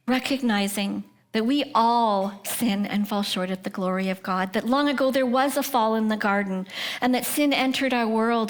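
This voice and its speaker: Speaking in a mid-range voice, a middle-aged woman offers a heartfelt personal testimony of faith to a prayer breakfast crowd. She questions the audience directly and repeatedly lowers her voice to a whisper.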